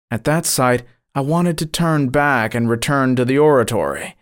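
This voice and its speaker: A man narrating an audiobook in a measured, solemn reading. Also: medium pitch, animated. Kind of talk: scripted narration.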